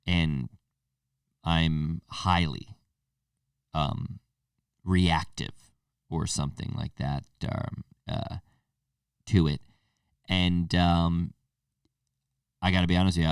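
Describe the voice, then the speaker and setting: A low-pitched young man rambles through a casual comedic podcast monologue, swearing freely and mocking himself. The sound is dry, with the mic set a little back from him. His delivery is loose and chatty. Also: little pitch movement, slow, long pauses, smooth, dry recording, distant mic. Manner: rambling, swearing, self-mocking, puts on silly voices for others. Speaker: podcast host.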